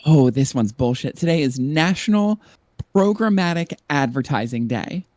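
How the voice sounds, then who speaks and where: A man's voice: fairly high pitch, lively intonation, normal speed, a little mellow, no room sound. Man, from the northern East Coast, podcast host, playful, teasing, dry mic. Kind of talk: casual chat among friends.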